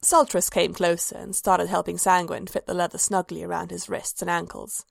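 A woman narrating a fan fiction story aloud in an even, measured way. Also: on the low side, creaky, dry recording, clean studio sound.

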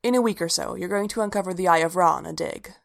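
A composed woman leader, calm and measured with a quiet firmness, voiced by a woman reading a story. Her voice sits low with a gravelly fry running through it. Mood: firm.

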